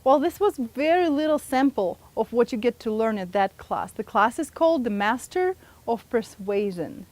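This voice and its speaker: A woman's voice: fairly high pitch, lively intonation, normal speed, few pauses, darkish tone, no room sound. A woman presenting a communication workshop, engaging the audience with frequent questions. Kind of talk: live seminar talk to an audience.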